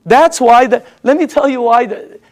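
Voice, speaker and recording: A middle-aged man with a noticeably high voice works a room in a live sales presentation. He talks in an emphatic, excitable way and repeats each listener's answer back to them. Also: normal speed. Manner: chatty and excitable, laughs between points. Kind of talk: live sales pitch to an audience.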